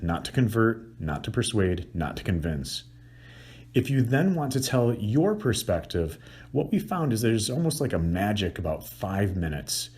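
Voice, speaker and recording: A middle-aged man, a couples counselor, teaching with animated, acted-out emotional examples and sound effects. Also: fairly low pitch, husky. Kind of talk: explanatory teaching talk.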